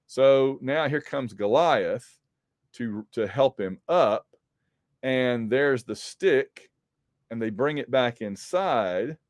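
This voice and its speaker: A man's voice: mid-range voice, expressive, slow pace, no room sound. A man in a middle register talks through a comic story in a loose, conversational way, full of ums and restarts. His voice sits close and dry, with no room sound around it. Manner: rambling, with frequent ums and restarts. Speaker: comic book podcast host. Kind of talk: casual comic recap.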